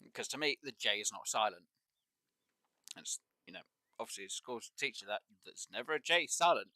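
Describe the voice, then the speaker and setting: A man's voice: on the low side, bright, forceful tone, no echo. A man chatting casually and at length while streaming a fishing game, opinionated and rambling with lots of fillers. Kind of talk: casual live-stream chat while gaming.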